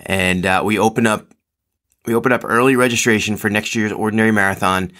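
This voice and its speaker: Deep-voiced man rambling on his podcast. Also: steady tone, quick pace, bright, forceful tone. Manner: rambling, full of ums and restarts, self-deprecating. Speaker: podcast host. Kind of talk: casual solo podcast chat.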